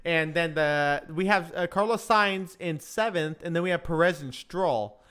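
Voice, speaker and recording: A man's voice: on the high side, unhurried, a bit bright, smooth. A man hosting a casual live stream, chatting and joking as he follows a practice session, often laughing at his own slips. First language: English.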